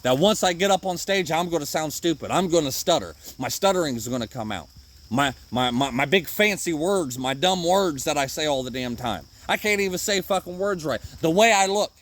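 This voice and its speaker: Male podcast host, higher-pitched voice, profane off-the-cuff pep talk recorded outdoors in the woods in the rain. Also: lively intonation, fairly quick, a bit bright. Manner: rambling and profane, swears often, jokes at himself. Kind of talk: unscripted motivational monologue.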